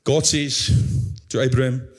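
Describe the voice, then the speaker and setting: A man preaching a sermon as pastor, reading scripture aloud and acting out a pleading believer in a high, anguished voice before dropping low and slow. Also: fairly even intonation.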